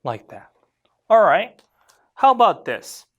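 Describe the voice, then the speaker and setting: A Korean language teacher explaining grammar to learners, modeling phrases slowly so students can repeat them and checking in with frequent questions. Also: mid-range voice, highs cut off. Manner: lively, questioning classroom delivery.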